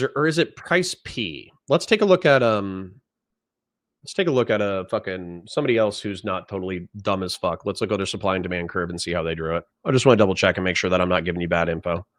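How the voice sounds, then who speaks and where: A man's voice: on the low side, brisk, fairly bright tone, dry recording, studio quality. A man hosting a livestream, commenting on a debate clip, reading chat and ranting with heavy swearing. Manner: profane, ranting, talks over clips. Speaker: livestream host.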